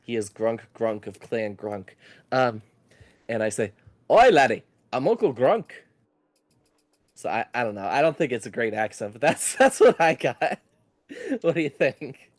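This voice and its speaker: A man's voice: medium pitch, moderate pace, no echo, studio quality. A man in casual chat, reading out chat jokes and giggling through them. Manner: giggly, laughs through his own readings.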